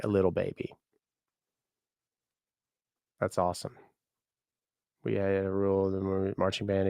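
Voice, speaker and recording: With a fairly low, clean-toned voice, this thirtysomething musician and streamer banters with his audience, addressing viewers by name, cracking jokes, laughing a lot, and cursing. The sound is dry and clean, studio-grade.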